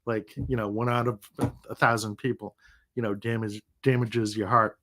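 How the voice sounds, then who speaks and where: A man's voice: fairly low pitch, little pitch movement, moderate pace, fairly bright tone. A middle-aged man who is sick and recovering, hosting a casual livestream and chatting in a rambling, easygoing way, laughing now and then. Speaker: livestream host.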